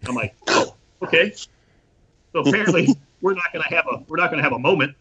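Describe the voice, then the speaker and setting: A man casually telling an animated, profane anecdote and acting out the quotes. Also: fairly high pitch, racing, crowd noise. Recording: dull lo-fi recording.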